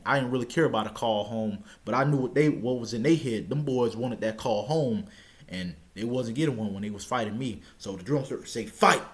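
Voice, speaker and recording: A young man casually telling a personal story, stammering now and then and shouting out the lines he quotes. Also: mid-range voice.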